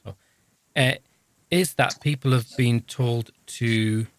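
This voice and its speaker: A man's voice: medium pitch, fairly even intonation, takes it slowly, slight background noise. A man in his fifties co-hosting a podcast, chatting casually in a jokey, rambling, self-deprecating way. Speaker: podcast co-host, social worker. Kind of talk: casual chat.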